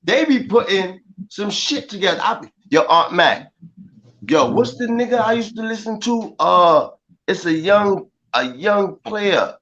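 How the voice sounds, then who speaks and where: A man on a panel, bantering loudly and profanely with friends, telling jokes and stories. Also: sits high, expressive, a little slow, slight background noise. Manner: loud, profane, joking storyteller. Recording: dull lo-fi recording.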